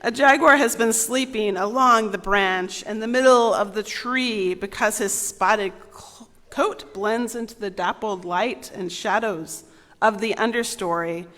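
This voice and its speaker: A woman's voice: mid-range voice, a little slow, fairly bright tone. A woman reading a picture book aloud to children at a church service, playful and asking them questions. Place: large sanctuary. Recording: long reverb in a large hall.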